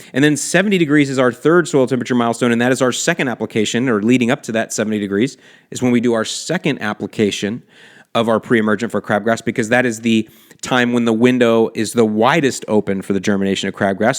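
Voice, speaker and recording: A man hosting a lawn care podcast, explaining soil temperatures in a chatty, enthusiastic way with slangy asides. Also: medium pitch. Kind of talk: casual explanatory podcast talk. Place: lives in South Florida.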